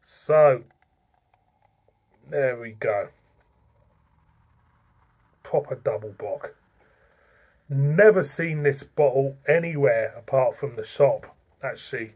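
A man's voice: medium pitch, slow, long pauses, a little mellow. A man reviewing beer in a chatty, self-mocking way, stumbling over foreign names. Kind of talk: casual beer review vlog.

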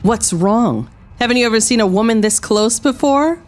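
A woman streaming a wrestling game, trash-talking with playful sarcasm, dropping low for tough lines and yelping high when surprised. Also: lively intonation, normal speed. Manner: swings between low mock-tough lines and high yelps. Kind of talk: live gameplay commentary.

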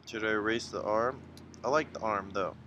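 Guy narrating his sketching, lowish voice, kinda chatty and upbeat, faint hiss behind. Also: moderate pace, pushed and bright, muffled recording. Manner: chatty and encouraging, thinks aloud while drawing. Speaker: art tutorial host. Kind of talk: casual drawing tutorial narration.

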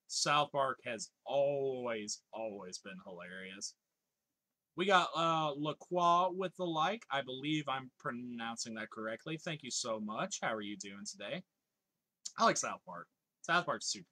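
Bright-voiced chatty male streamer. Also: mid-range voice, lively intonation, measured pace. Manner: chatty, reads viewer comments aloud, laughs often. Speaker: live streamer. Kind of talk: casual live-stream chat.

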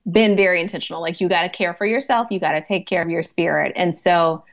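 A woman's voice: on the low side, steady tone, fast, gravelly, lo-fi sound. A woman who works as a hospice chaplain and grief coach, telling stories in a podcast interview in a chatty way, laughing often and saying "like" a lot.

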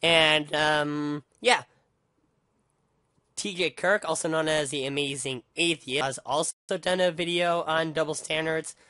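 A man's voice: on the high side, fairly even intonation, a little slow, pushed and bright, dry recording, clean studio sound. Heated, stammering young-sounding male ranter. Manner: heated, profane, stammering restarts. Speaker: vlogger. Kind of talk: angry rant monologue.

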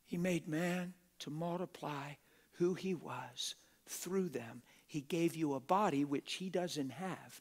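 A middle-aged man preaching a sermon in a church auditorium on a stage microphone, talking plainly and swinging from hushed whispers to loud shouts. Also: on the high side, slow. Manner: plain-spoken, street-style talk.

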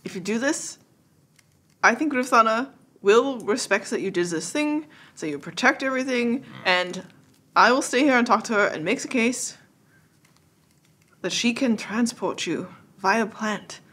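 Lively, breathy woman game master. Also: fairly high pitch, a little slow, long pauses. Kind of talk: narrating a tabletop game.

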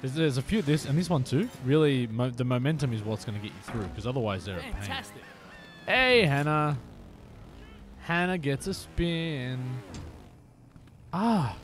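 Soft music plays in the background as a man with a medium-pitched voice and lively intonation talks at normal speed. It's a casual motorbike-game stream where he teases his audience and drops into the odd whisper.

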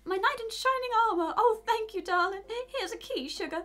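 Cast: a woman as a flirty game nurse, very high, sugary, calls you darling. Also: animated, brisk, pushed and bright, heavily acted. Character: flirty healing nurse character, female.

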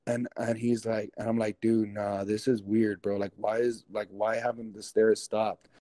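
Male guest, rambling profane storyteller, mellow tone, dry close sound. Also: on the low side, little pitch movement, normal speed, no echo. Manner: rambling, profane, keeps addressing listeners as guys. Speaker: interview guest. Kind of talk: casual storytelling.

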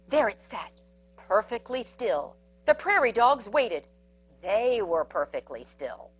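A woman storyteller with a fairly high, breathy voice reads a picture book aloud to children with lots of animation. She adds sound effects and asides about the pictures.

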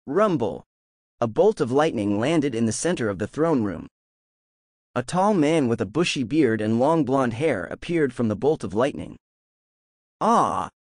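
A man narrating a fan-made audiobook of a fantasy web novel with expressive storytelling. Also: medium pitch, moderate pace, no room sound, studio quality.

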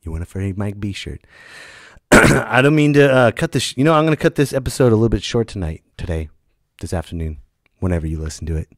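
A middle-aged man riffs through a comic podcast monologue in a low voice that swoops up and down. He talks like an animated storyteller and jumps into loud, high put-on voices. He sounds a little worn from being sick, and the recording is dry and close. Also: fast talker, no room sound. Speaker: comedian and podcast host.

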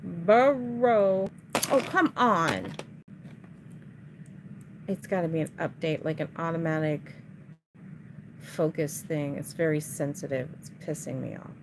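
A woman's voice: deep voice, slow pace, pauses often, background noise. A woman chatting casually to viewers at home while showing resale items, easily frustrated, sighing and grumbling at her camera.

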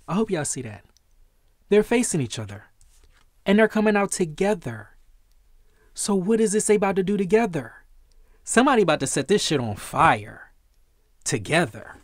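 A man giving an excited tarot reading, swearing often and talking to his viewers. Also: on the high side, dry recording, clean studio sound. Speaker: tarot reader.

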